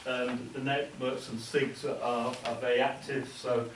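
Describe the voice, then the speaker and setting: A man presenting a seminar to an academic audience, talking informally and haltingly, often repeating words mid-sentence. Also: mid-range voice, level tone. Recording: echoey room, distant mic, faint hiss.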